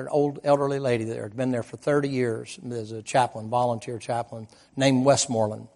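A man's voice: medium pitch, fairly even intonation, a little fast, a little mellow. A man preaching a sermon as a vivid, folksy story, dropping "man" and "boy" into his sentences.

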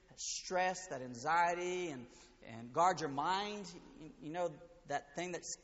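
A high-pitched male pastor preaching a sermon, his voice swinging between booming emphasis and hushed, intimate passages. The sound is dull and muffled, carried through a long, echoing sanctuary reverb. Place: church sanctuary.

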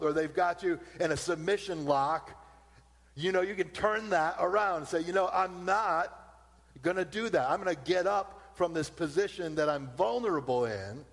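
Preaching man in a reverberant hall. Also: fairly high pitch. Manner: slows down to repeat key points. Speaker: pastor. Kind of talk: sermon.

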